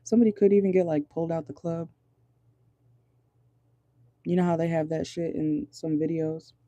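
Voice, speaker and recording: In a car, a tarot reader chats casually at a normal speed, the medium-pitched voice very dark, mellow, and steady. Occasional swearing and nervous laughs mix in, and frequent pauses break the flow while channeling. Sound is intimate and dry, without any room echo.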